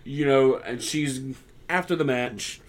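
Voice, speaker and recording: A man's voice: medium pitch, slow. A young man hosting a casual podcast, chatting through a wrestling recap and acting out lines he quotes. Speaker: podcast host.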